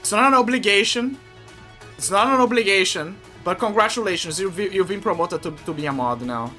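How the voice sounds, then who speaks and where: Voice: medium pitch, a little fast, bright, forceful tone, soft background music. A streamer chatting casually to viewers while gaming, often stammering and repeating words as they vent.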